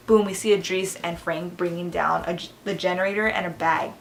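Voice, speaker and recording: A woman's voice: on the low side, fairly even intonation, brisk, vocal fry, few pauses, slight background noise. A young woman vlogging a storytime, telling it animatedly, full of "like" fillers and acted-out quotes. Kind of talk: storytime vlog.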